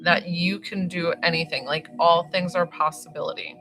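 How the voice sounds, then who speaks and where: A woman's voice: fairly low pitch, fairly even intonation, moderate pace. A woman spiritual healer talking through a live-streamed remote healing session, chatty and rambling, full of fillers and reassuring affirmations. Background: faint music.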